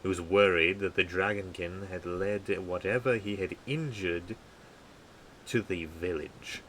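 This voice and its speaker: A very deep-voiced man streams a game and reads his story draft, tired and slow. He stumbles over words now and then, with faint noise behind him. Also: a bit bright, poor audio. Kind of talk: live game commentary and story reading.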